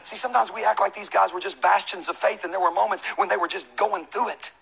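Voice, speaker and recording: A man who is a pastor, giving a humorous, conversational sermon and shouting out Bible readings. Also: high-pitched, steady tone, quick pace, vocal fry, slightly rough, poor audio.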